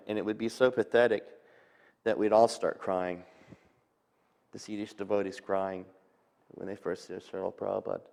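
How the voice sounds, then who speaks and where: An older man telling memories of his teacher in a halting, reminiscing way, with pauses and restarts. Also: on the low side, a little mellow. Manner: halting, with fillers and restarts, quotes others in lifted voice. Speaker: disciple recounting memories. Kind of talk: reminiscing, storytelling interview. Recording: long hall reverb.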